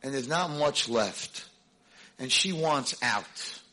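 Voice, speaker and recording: Rabbi guy lecturing, bright husky voice, really animated storytelling. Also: mid-range voice, slow. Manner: emphatic storytelling, acts out dialogue. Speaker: rabbi and educator. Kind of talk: lecture to a convention audience.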